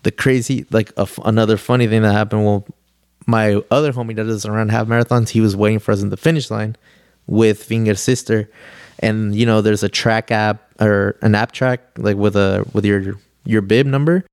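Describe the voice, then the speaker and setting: A man's voice: fairly low pitch, steady tone, moderate pace, darkish tone, clean tone, no echo, studio quality. A young man, a podcast guest, telling a story in a rambling, casual way, full of "like" and swearing. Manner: rambling, heavy use of "like", swears freely.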